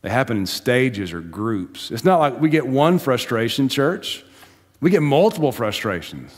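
A man's voice: mid-range voice, very animated, normal speed. A pastor giving a sermon in a conversational, storytelling manner, laughing and building emphasis as he goes. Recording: long hall reverb in church.

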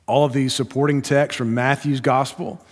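A male Baptist pastor preaching a sermon in a measured storytelling way, slowing down for emphasis. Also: mid-range voice, level tone. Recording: long hall reverb.

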